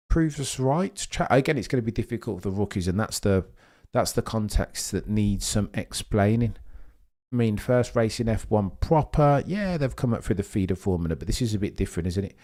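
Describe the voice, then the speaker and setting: A young man hosting a live race watchalong, talking excitably and rambling while he reads out viewers' chat comments. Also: fairly low pitch, moderate pace. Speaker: live stream host.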